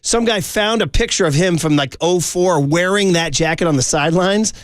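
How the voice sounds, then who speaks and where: High-voiced excitable sports talk host. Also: male voice, normal speed, dry recording, clean studio sound. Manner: excitable, slangy, riffing with a co-host.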